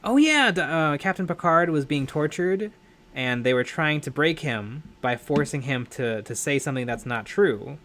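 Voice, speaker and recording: A man's voice: on the high side, lively intonation, normal speed, fairly bright tone. Rambling, chatty young man. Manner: rambling, self-correcting, laughs often. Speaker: livestream host. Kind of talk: casual live-stream chat while painting.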